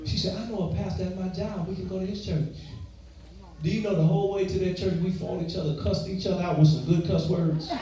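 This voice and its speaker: A man's voice: sits high, fairly even intonation, fast talker, warm tone. A man preaching a sermon as pastor, telling his own story with call-and-response fervor. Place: large church sanctuary. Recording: echoey church hall from far off with music.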